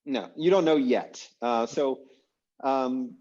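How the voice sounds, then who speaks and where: A man teaching an online language class, explaining in a relaxed, chatty way with lots of fillers over a video call. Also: mid-range voice, takes it slowly, lo-fi sound. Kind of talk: casual online class lecture.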